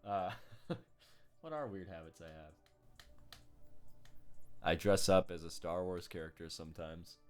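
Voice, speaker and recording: A man's voice: sits low, measured pace, long pauses, clear, resonant tone, soft background music. A man streaming a game, chatting casually and laughing often.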